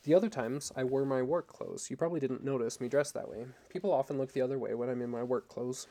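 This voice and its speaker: A man reading a story aloud and voicing a polite, formal young gentleman, keeping close to his own gravelly voice. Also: mid-range voice, fast talker, lightly acted. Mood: courteous. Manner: courteous and formal.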